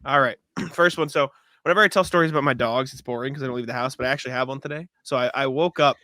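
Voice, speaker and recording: A young man co-hosting a casual sports podcast, telling stories in an animated way, swearing freely and laughing often. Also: medium pitch, racing, no echo. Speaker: podcast co-host.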